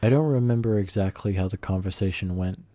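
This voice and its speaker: A man reads a first-person revenge story aloud, stumbling over words and restarting phrases as he goes. His voice sits low and mellow, recorded close and dry with no room echo. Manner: halting, self-correcting reading. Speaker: story narrator.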